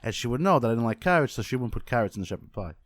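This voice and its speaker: A man from Queens with a New York accent, chatting as a podcast guest and talking in an animated way. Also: mid-range voice, very fast. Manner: animated, talks up his Italian roots. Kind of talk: casual chat.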